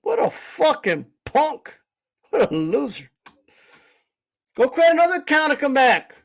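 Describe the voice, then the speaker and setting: A man's voice: very high-pitched, big pitch swings, measured pace, creaky. Blunt, profane man hosting a livestream. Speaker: boxing channel host. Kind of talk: livestream rant.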